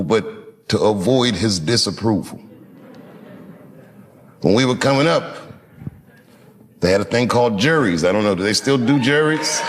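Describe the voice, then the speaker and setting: A man in his fifties from Washington, D.C., telling a reflective story to an audience in a measured, unhurried way with dramatic pauses. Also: medium pitch. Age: 50s. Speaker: comedian.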